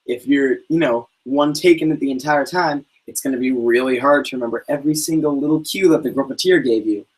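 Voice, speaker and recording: Young male streamer, husky voice, rambling mock-serious joker, mid-range pitch. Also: brisk, low-quality recording. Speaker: channel host. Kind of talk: casual livestream chat.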